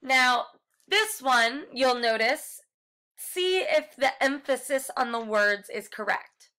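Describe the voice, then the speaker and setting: Woman music teacher, high bright voice, explains step by step. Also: expressive, slow. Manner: explains step by step, sings short examples. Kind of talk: recorded slideshow lesson.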